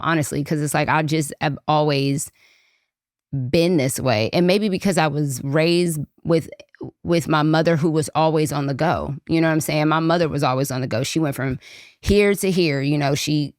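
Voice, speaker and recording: A woman's voice: deep voice, no echo, clean studio sound. A woman in her thirties hosting a podcast, talking through a Bible passage in a chatty way, often repeating and restarting her phrases. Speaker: podcast host. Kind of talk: personal Bible reflection.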